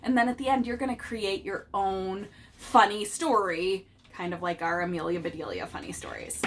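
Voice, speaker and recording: A woman teacher giving an animated, encouraging read-aloud lesson to young children. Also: mid-range voice, moderate pace.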